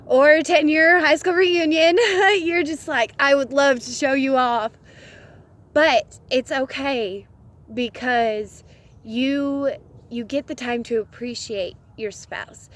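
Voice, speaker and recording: A woman's voice: fairly high pitch, fairly bright tone. A woman giving relationship advice in a casual vlog, earnest and laughing often between phrases. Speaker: vlogger.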